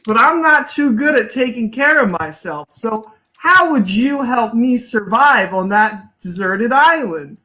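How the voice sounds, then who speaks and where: A man's voice: very high voice, animated, pushed and bright, exaggerated voice, low-quality recording. A man playing a naive, spoiled rich young man on a dating game show sketch. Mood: earnest. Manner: unhurried, politely impressed. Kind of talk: comedy sketch.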